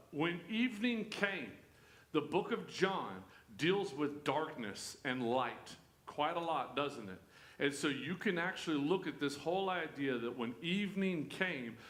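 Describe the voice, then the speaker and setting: A man's voice: on the high side, a bit bright. A man leading a church Bible study, in a folksy, joking, conversational way. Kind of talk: conversational sermon. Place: church room. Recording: echoey room.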